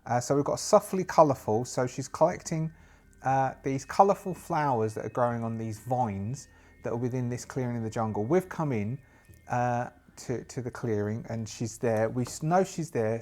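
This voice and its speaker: A man's voice: mid-range voice, normal speed, darkish tone. A man narrating a solo tabletop game as game master, thinking aloud and often restarting his sentences.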